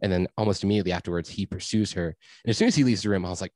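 Young man, casual rambling storytelling, low voice, dry close sound, swears a lot. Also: rapid-fire, a little mellow, no room sound. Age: young adult. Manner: laid-back, rambling, heavy swearing and fillers.

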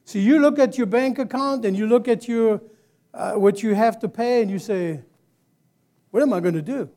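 A man preaching a sermon to a congregation, leading them in call-and-response and rising to loud exclamations. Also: very high-pitched, moderate pace. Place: church service.

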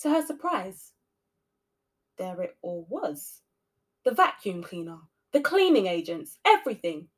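A woman hosting a podcast, narrating a spooky story with expressive shifts between loud and soft delivery. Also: mid-range voice, unhurried. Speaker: podcast host reading a story.

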